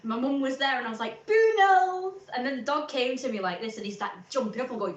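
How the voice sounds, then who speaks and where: This young woman vlogger talks fast in a slightly high voice during a casual live stream from her home. She rambles, acts out small scenes, and breaks into sudden squeals, all picked up by her camera mic.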